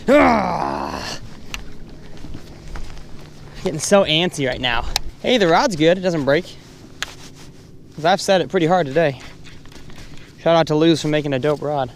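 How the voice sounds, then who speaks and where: A man's voice: on the high side, normal speed, pauses often, slight background noise. Chatty young-sounding fishing vlogger man. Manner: chatty and excitable, thinking aloud. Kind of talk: casual vlog with fishing tips. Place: outdoors on a boat on a lake.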